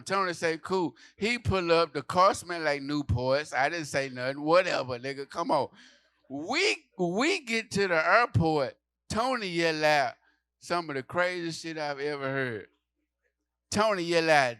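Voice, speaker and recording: Animated, profane stand-up comedian man. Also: fairly high pitch, slow, dry recording. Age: adult. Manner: loud animated storytelling, acting out characters, profane.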